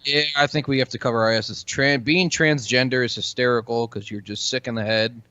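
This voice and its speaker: A man's voice: mid-range voice, steady tone, fairly quick, bright, forceful tone, no echo, highs cut off. A man co-hosting a casual podcast, joking and rambling with frequent swearing. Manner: jokey, rambling, swears freely. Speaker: podcast co-host. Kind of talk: casual chat.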